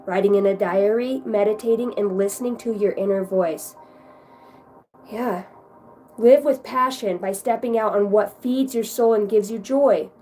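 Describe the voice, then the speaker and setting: A woman reading tarot cards on a live stream, talking in a warm, rambling, affectionate way and shifting between guidance and chat with viewers. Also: mid-range voice, a little hiss or hum, rough recording. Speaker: tarot card reader.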